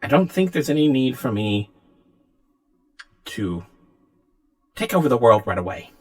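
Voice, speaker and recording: A man voicing a scheming female AI with a polite, quietly menacing manner. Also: medium pitch, sing-song, unhurried. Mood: diplomatic. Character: scheming female AI, smug and falsely sweet.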